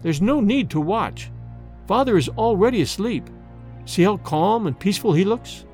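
A man doing a soft-voiced, coaxing young woman. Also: sits high, big pitch swings, moderate pace, soft background music. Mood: soothing. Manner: soft, pleading.

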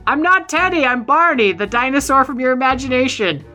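A woman's voice: high-pitched, lively intonation, fairly quick, sharp tone, soft background music, voice pushed up. A woman voicing an out-of-shape cartoon man who talks in a muffled, pleading way.

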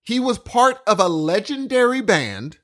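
A man co-hosting a podcast in loose, casual chat. His voice sits a little high and swings widely in pitch. He talks in an animated way, jumping in and restarting his sentences as ideas hit him. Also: a little slow. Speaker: podcast co-host.

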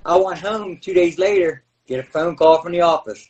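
A middle-aged man, a former pro wrestler, telling animated backstage stories in an interview. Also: sits high, a little fast, far from the mic, low-quality recording. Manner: animated, acts out voices and shouts. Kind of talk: storytelling in a podcast interview.

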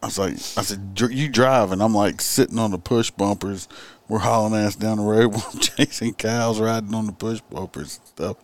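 Low-voiced ex-cop chatting. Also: male voice, steady tone, moderate pace. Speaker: former police officer. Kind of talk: casual chat.

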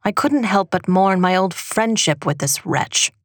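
A woman acting in a comedy sketch, delivering mock-serious noir detective narration in a deadpan way. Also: mid-range voice, a little slow, dry recording, studio quality.

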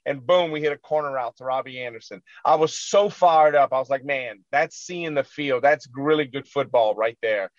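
A man's voice: medium pitch, normal speed, hardly any pauses, no room sound, lo-fi sound. A man co-hosting a sports radio show, earnestly recapping a football loss with frustration and lots of fillers.

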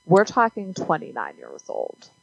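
A woman's voice: deep voice, huge pitch swings, a little slow, creaky, lo-fi sound, slight background noise. A woman co-hosting a casual movie review podcast, who loses track of her point as she talks. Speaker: podcast co-host.

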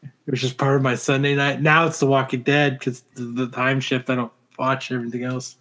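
A man's voice: mid-range voice, level tone, fairly quick, fairly bright tone. A man co-hosting a podcast in casual banter, rambling and cracking dry jokes. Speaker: podcast co-host.

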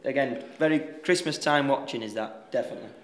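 Relaxed Yorkshire man, echoey room. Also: medium pitch. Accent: Yorkshire English. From Yorkshire, England. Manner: relaxed, halting, many restarts and fillers. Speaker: professional golfer, interviewee. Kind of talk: casual interview answers.

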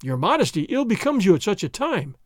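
A man's voice: high voice, big pitch swings, brisk, no room sound, clean studio sound. A man voicing a mild, foppish young nobleman who needles a sergeant in a mock-innocent way. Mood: needling.

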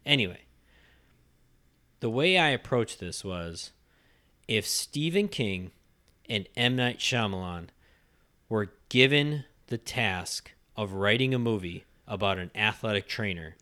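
Rambling man with a bright tone. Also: lowish voice, animated, unhurried, long pauses. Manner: rambling, filler-heavy. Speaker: podcast co-host. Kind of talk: casual podcast chat.

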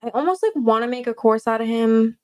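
A woman's voice: fairly high pitch, fairly quick, a little mellow. Chatty, laughing woman co-host. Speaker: co-host reading viewer questions. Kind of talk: casual live Q&A.

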